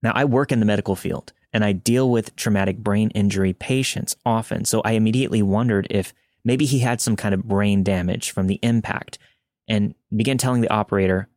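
A man narrating a listener's true scary story in a calm, measured reading. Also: lowish voice, no echo, studio quality. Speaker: podcast narrator.

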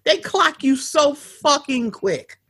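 A woman co-hosting a casual chat show, talking bluntly with plenty of swearing and animated storytelling. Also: high voice, takes it slowly. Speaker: podcast co-host.

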